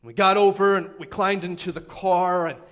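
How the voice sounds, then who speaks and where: A pastor in his thirties with a notably high voice preaches in an animated, conversational way. He tells his story with frequent quick asides to the congregation. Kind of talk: sermon storytelling.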